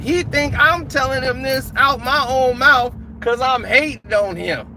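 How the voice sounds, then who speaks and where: A man's voice: very high-pitched, moderate pace, hardly any pauses. A man telling a casual anecdote in a laid-back, slangy way, chuckling now and then. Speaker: storyteller. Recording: noisy outdoor traffic sound. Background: street and car noise.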